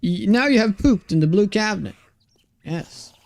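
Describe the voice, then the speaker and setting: A man live-streaming a video game, chatting casually with viewers, greeting and thanking them between quick reactions to the game. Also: high voice, animated, vocal fry, a little mellow. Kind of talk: casual live-stream chat while gaming.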